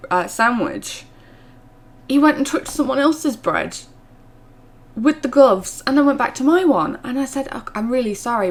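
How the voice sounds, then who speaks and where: A young woman, chatting through a storytime vlog with lots of fillers, her voice rising when she gets indignant. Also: fairly high pitch. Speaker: vlogger.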